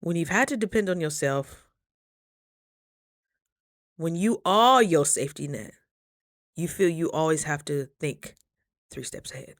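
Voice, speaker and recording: A young woman talking casually in a motivational vlog, chatty and animated, jumping high when she quotes people. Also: a little slow, pauses often. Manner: chews while talking at times. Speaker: vlogger.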